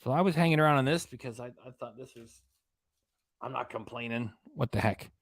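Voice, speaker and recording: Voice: mid-range voice, brisk, dry recording. A livestream host chatting casually, thanking viewers by name and reading out comments between video clips.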